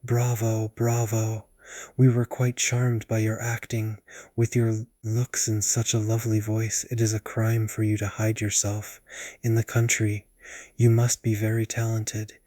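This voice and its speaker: A man voicing a vain, doting aging actress in a breathy whispered role-play. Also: fairly low pitch, completely flat delivery, a little slow, dark tone, no room sound.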